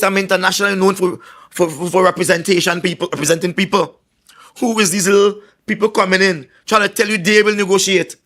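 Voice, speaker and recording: A man with a Trinidad and Tobago accent giving a political rally speech, telling boastful stories in a forceful way and often stumbling over his words before starting again. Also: high-pitched. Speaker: political candidate.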